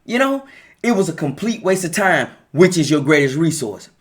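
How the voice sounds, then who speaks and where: A man with a fairly high voice delivers a relationship talk straight to his viewers. His manner is emphatic and preachy, and he repeats key lines to drive them home. He sounds middle-aged and talks in a loose, casual way. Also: very animated, moderate pace. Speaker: live video host giving relationship advice.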